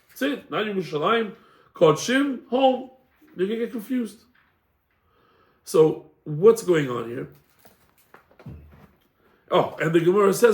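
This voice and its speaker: A man with a high-pitched voice teaches a casual class as a rabbi, retelling old stories with lively, animated delivery. He slips into voices for the people he describes. The sound bounces around an echoey room. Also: slow, long pauses. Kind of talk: casual Torah class with storytelling.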